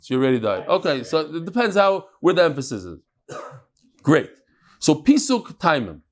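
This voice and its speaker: Man teaching a lively Talmud class. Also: a little high, moderate pace. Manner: conversational, mixes Hebrew and Aramaic terms, frequent restarts and asides.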